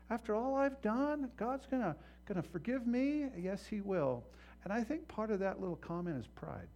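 A man preaching a sermon as pastor, impassioned and swinging from hushed to loud, acting out voices in his stories. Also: on the high side.

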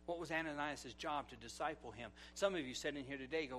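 A middle-aged male pastor preaching a sermon, swinging from loud exclamations to hushed asides as he tells stories and acts out quotes. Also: fairly high pitch, quick pace, a little hiss or hum.

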